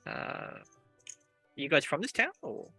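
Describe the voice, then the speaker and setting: A man's voice: on the high side, wildly swooping pitch, slow pace, vocal fry, bright, forceful tone, soft background music. A man playing his character in a tabletop game, talking hesitantly with many fillers. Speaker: player. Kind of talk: in-character tabletop role-play.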